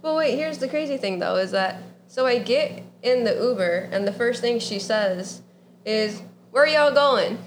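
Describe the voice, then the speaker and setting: A woman's voice: on the high side, normal speed, slight background noise. Laughing woman telling an anecdote. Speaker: podcast co-host. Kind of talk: casual podcast chat.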